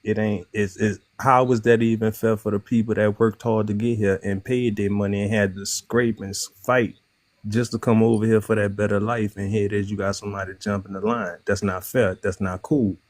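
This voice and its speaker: A man's voice: fairly low pitch, little pitch movement, fairly quick, dry recording. Blunt New Orleans man in his thirties. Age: 30s. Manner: blunt, slangy, emphatic. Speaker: panel guest. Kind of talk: live online panel discussion.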